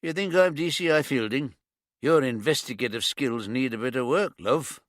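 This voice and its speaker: A man voicing a tall, amused police sergeant with a teasing, loud manner. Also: medium pitch, animated, normal speed, no room sound, studio quality, close to an everyday voice.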